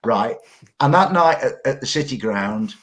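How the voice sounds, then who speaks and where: A man's voice: mid-range voice, animated, normal speed. A middle-aged man, telling long stories as a pundit in a casual football podcast chat, often repeating words as he goes.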